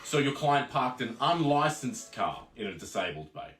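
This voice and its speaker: A man's voice: medium pitch, sing-song, moderate pace, fairly bright tone, echoey room. A man with an Australian accent playing a bumbling lawyer who keeps turning on his own client in a comedy skit, with a cheerfully blunt delivery.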